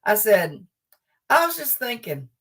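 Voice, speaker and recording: An older woman, a guest humorist, telling a funny story from home in a lively, laughing way. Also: medium pitch, a little slow, slightly rough, recorded from a distance. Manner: animated, laughs as she tells the story. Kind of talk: comic storytelling.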